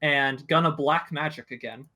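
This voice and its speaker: Male player, casual and chatty, bright tone. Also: on the high side, fairly even intonation, normal speed. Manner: chatty, hesitant with fillers. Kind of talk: casual tabletop play.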